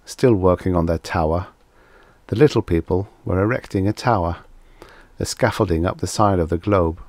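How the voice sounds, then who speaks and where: Deep-voiced man reading an audiobook. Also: a little mellow, no echo. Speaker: audiobook narrator.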